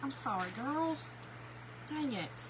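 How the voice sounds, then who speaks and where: A woman's voice: high-pitched, lively intonation, slow, rough recording. A woman, hosting a casual craft live stream and telling a home story to her viewers in a chatty way. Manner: chatty storyteller, talks straight to viewers and greets them by name. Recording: noticeable background noise.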